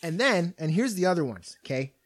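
Young guy, podcast host, sweary rants, lively swinging pitch, slightly high voice. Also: brisk. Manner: profane, animated storytelling rant. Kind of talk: casual ranting chat.

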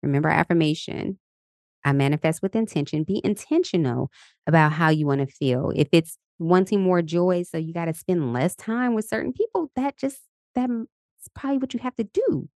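A woman's voice: on the low side, expressive, moderate pace, a little mellow, no room sound, studio quality. A woman in her thirties hosting a casual motivational podcast, chatty and upbeat, laughing often and leading affirmations. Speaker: podcast host. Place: Los Angeles.

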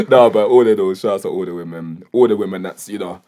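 A man's voice: big pitch swings, moderate pace, warm tone. Laughing, teasing young man. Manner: laughs often, teasing, mumbled low asides. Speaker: podcast co-host. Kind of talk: casual banter.

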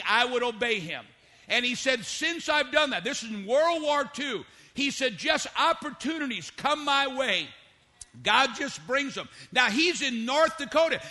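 High, bright-voiced male pastor preaching. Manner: preaching, calling for amens. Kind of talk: sermon. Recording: long hall reverb.

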